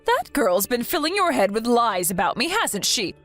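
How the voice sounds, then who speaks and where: A woman's voice: fairly high pitch, very animated, moderate pace, fairly bright tone, faint music behind, pitched above the performer's own voice. Text-message story: a woman playing a scheming older mother-in-law, syrupy and mocking.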